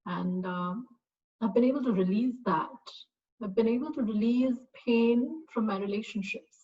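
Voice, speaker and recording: A woman's voice: on the high side, moderate pace, dull audio. A middle-aged woman, a parent, giving a casual, reflective personal testimonial with many fillers. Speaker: parent and course graduate.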